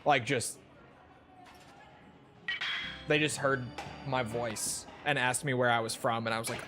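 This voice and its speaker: A man's voice: mid-range voice, steady tone, normal speed. A young man from Minnesota streaming a game, chatting loosely and joking with frequent swearing. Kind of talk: casual gameplay stream chat. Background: game music.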